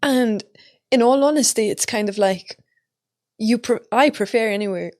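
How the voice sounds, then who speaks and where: A woman from Malta with a Maltese accent, hosting a relaxed interview and chatting easily with fillers. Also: a little high, moderate pace, no echo, studio quality. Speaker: podcast host. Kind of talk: casual interview chat.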